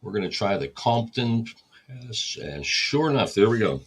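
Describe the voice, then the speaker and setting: A man's voice: on the low side, very animated, moderate pace, husky. A man hosting a record store livestream, casually explaining each step while he catalogs vinyl. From United States.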